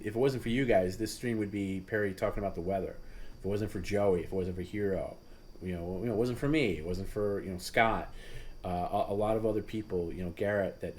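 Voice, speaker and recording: A man with a somewhat low voice talks casually as the host of a livestream. He rambles and stops to restart his sentences, with plenty of fillers along the way. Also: slight background noise. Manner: rambling, halting with many restarts and fillers, laughs at his own story; voice jumps high and loud when mimicking others.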